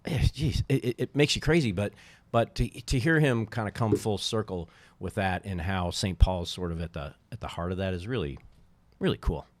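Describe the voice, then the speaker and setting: A middle-aged man, a podcast guest, telling baseball stories in a casual chat and jumping up in pitch when he quotes people. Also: moderate pace, dry recording. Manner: animated storyteller, quotes others in lively bursts. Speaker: podcast guest, former baseball team owner.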